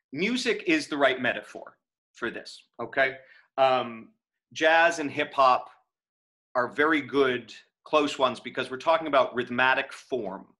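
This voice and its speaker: A man giving a relaxed, conversational lecture to students, with frequent fillers and self-corrections. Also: medium pitch.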